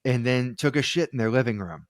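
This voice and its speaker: A man's voice: mid-range voice, lively intonation, fairly quick, no room sound, studio quality. A man co-hosting a podcast, chatting casually, laughing often and acting out quoted voices. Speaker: podcast co-host. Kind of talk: casual chat.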